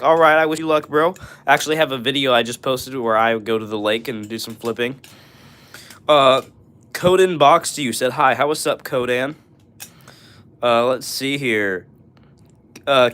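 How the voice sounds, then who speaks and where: A man's voice: mid-range voice, fairly bright tone. A young man hosting a live stream, reading out viewer comments and answering them in a friendly, upbeat way with lots of "all right" and "bro".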